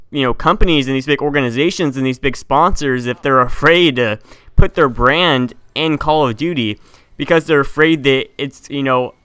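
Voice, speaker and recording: A teenage boy rants hotly in an opinion vlog, his voice bright and a touch higher than most. He talks in a clean, crisp tone, tripping over words and restarting sentences as he gets indignant. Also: dry recording. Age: teens. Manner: heated, indignant ranting with frequent restarts and stumbles. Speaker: gaming YouTuber.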